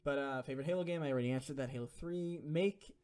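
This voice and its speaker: A man's voice: medium pitch, fast, a little mellow, clean tone. A young man streaming, reading donation messages and answering viewer questions in a rambling, profane, filler-heavy way. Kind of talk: casual live-stream Q&A.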